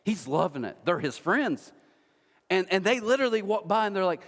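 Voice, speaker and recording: A man preaching a sermon, telling a story with lively quoted voices and frequent restarts. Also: high-pitched, moderate pace, big-room sound. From United States. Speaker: pastor. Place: church auditorium.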